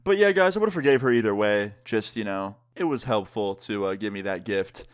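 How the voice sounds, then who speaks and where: Young man telling a storytime to camera, casual and animated, full of "like" and "you know". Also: on the low side, fairly quick, clear, resonant tone. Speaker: vlogger. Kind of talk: storytime vlog.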